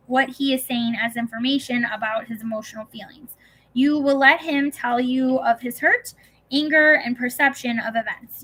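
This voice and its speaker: A woman reading an audiobook in a calm, even scripted narration with gentle emphasis. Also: high-pitched, poor audio.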